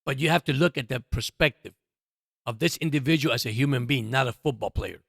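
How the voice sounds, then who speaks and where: In a dry, studio-quality recording, a brisk man with a medium-pitched, slightly bright voice runs a sports podcast. Addressing his audience as "guys," he hammers his points home in an impassioned, repetitive commentary.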